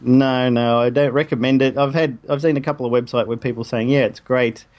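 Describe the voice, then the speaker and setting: A man's voice: medium pitch, fairly even intonation, a little fast, dull audio. A man, co-hosting a casual tech chat, rambling with plenty of fillers. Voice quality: rambling, hesitant, lots of fillers. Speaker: tech podcast co-host.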